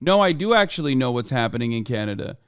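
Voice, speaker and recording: Male streamer mid-rant: fired-up, swearing, crisp voice, slightly high, dry close mic. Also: big pitch swings, fast talker, no room sound. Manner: heated, profane, argumentative. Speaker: political streamer. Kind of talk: live-stream reaction rant.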